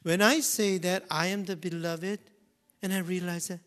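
A man preaching a sermon, swinging from loud emphasis to hushed near-whispers and repeating key phrases slowly. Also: high-pitched, fairly even intonation. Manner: slow, deliberate delivery with repetition.

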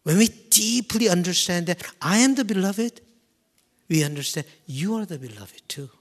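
Guy preaching a sermon, high voice, really lively, drops to whispers then gets loud. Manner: dramatic swings from loud emphasis to hushed whispers; slow, deliberate delivery with repetition.

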